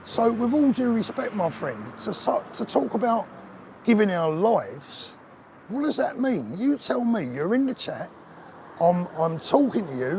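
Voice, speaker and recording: A man's voice: high voice, darkish tone, slight background noise. An older man hosting a live stream, chatting earnestly and emotionally with viewers and calling them mate. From England. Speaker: livestream host. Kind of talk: live-stream chat reading viewer comments. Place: outdoors on a town street.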